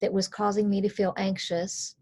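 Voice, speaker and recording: A woman coach talking parents through handling anxiety, calm, earnest and plainspoken. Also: medium pitch, moderate pace, slightly rough. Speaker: coach and author. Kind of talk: conversational explainer.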